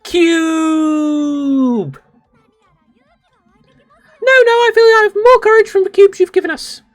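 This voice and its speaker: Squeaky English-accented game ship girl, a man in falsetto, loud, leaping pitch, deliberately silly. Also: fairly even intonation. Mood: eager. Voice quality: shrill, over-the-top falsetto. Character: squeaky excitable young anime ship girl. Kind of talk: game dialogue read-along on stream. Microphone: streaming microphone.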